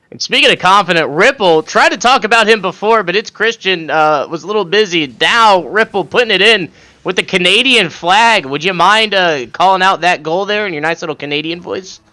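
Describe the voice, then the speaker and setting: A man's voice: high-pitched, normal speed, bright, forceful tone. A man doing color commentary on an esports match, cracking puns and laughing often.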